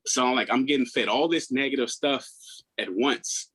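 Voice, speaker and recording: Guy in his 30s on a podcast, raw and earnest, mid-pitch voice, keeps restarting his words. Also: moderate pace, fairly bright tone, slightly rough, low-quality recording. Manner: acts out quoted people in a raised voice. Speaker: podcast guest. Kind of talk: candid personal storytelling.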